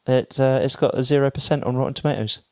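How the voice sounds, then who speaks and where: A man's voice: medium pitch, steady tone, quick pace, a little mellow, clear, resonant tone, no room sound. A man co-hosting a podcast, chatting casually and jokingly as he reads entertainment news from his notes. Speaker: podcast co-host. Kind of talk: casual chat.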